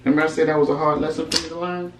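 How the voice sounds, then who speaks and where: A woman's voice: deep voice, level tone, rapid-fire. Woman telling a story in an echoey room. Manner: emphatic, conversational storytelling. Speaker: vlogger telling a personal story. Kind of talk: storytime vlog. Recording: roomy echo, mic at a distance, faint background hum.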